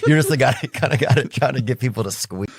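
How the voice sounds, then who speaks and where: A man's voice: mid-range voice, fast, creaky. A man with a Southern US accent hosting a podcast, joking and drawling, laughing often. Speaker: podcast host. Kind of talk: casual podcast banter.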